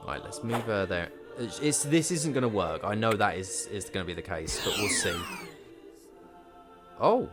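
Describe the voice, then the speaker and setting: A man's voice: on the low side, moderate pace, hardly any pauses. A man casually commentating his gameplay and chatting to his units, with game music behind. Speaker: streamer.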